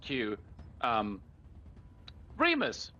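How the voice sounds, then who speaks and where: A man playing a tabletop role-playing game, explaining his character's moves with many halting restarts. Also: mid-range voice, huge pitch swings, pushed and bright. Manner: hesitant, many restarts and fillers. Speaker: player. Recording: dull lo-fi mic with faint background hiss.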